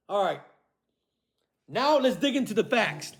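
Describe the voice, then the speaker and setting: A high-voiced male vlogger rants angrily and profanely in a confrontational monologue, animated yet unhurried, with a gravelly voice and long pauses. He is accusatory, repeats "okay?" and "all right?", and swings between shouting and low muttering.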